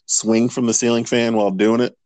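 A man's voice: mid-range voice, level tone, a little fast, a little mellow, no room sound. A man co-hosting a casual wrestling podcast, crude and rambling, laughing often. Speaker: podcast co-host. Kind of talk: casual profane chat about wrestling.

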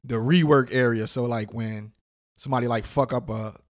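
A man's voice: medium pitch, steady tone, moderate pace. A man in his thirties co-hosts a podcast in casual chat. He jokes and swears, and often repeats himself as he retells events. His voice sits in a plain, middle range. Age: 30s. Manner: joking, profane, stumbling retellings. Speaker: podcast co-host.

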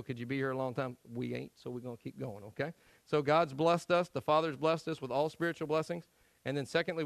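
Guy preaching to his church, mid pitch, dry close sound, gets loud then drops real quiet, acts out voices in his stories. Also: creaky, no room sound, rough recording. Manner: animated storytelling, acts out quoted voices; swings between loud emphasis and quiet asides. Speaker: pastor. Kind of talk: sermon. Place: church sanctuary.

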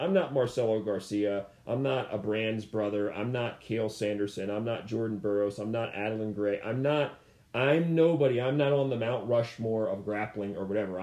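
A man's voice: medium pitch, darkish tone. Rambling man telling a personal story. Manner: rambling, repeats himself, frequent "you know" fillers. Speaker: interview guest. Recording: roomy echo.

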